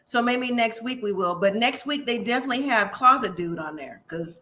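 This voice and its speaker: Bright high-voiced woman co-host. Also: brisk, a little hiss or hum. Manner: animated, laughs often, asks rhetorical questions. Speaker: podcast co-host. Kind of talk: casual live review chat.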